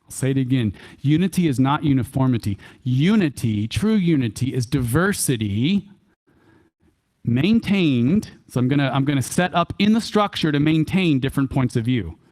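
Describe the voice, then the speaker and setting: Male workshop speaker, Texan accent, mid-range voice, lively church talk with folksy asides and repeated key lines. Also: mid-range voice, normal speed. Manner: animated, repeats key phrases for emphasis; chuckles often, folksy asides. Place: church hall.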